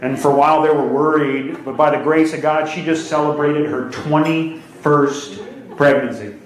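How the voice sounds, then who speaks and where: A man doing a stand-up set with crowd work, delivering deadpan one-liners and teasing the audience from a club stage. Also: on the high side, normal speed, roomy sound. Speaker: stand-up comedian. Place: comedy club stage before a live audience. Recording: live club recording with crowd laughter.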